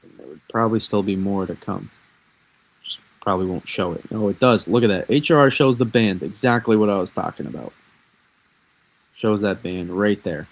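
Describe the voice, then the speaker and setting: A man's voice: fairly low pitch, moderate pace, low-quality recording. A man casually breaking down a snowstorm forecast on a live stream, rambling and answering viewer questions as he goes. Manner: chatty, rambling, restarts and answers chat.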